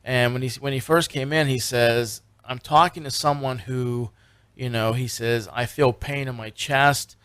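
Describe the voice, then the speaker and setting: A man's voice: mid-range voice, fairly even intonation, measured pace, a bit bright, smooth, no echo. Brief: male radio co-host, loose casual storytelling, dry booth. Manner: rambling storyteller, many fillers and restarts. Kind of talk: casual radio chat recapping a TV show.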